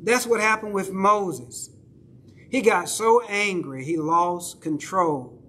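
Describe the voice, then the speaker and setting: High-voiced Southern pastor preaching. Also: male voice, takes it slowly, sharp tone, breathy edge. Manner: conversational preaching, asks congregation "right?". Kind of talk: sermon. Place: church sanctuary.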